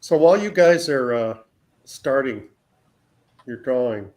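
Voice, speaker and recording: A man's voice: mid-range voice, lively intonation, darkish tone. A man hosting an art livestream, telling a long rambling anecdote in casual chat. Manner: slow, rambling anecdote teller.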